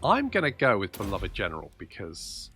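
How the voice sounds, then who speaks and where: A man's voice: deep voice, huge pitch swings, moderate pace, bright, forceful tone, slight background noise. A man commentating his own strategy game play, thinking aloud and muttering asides as he goes. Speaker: gameplay commentator.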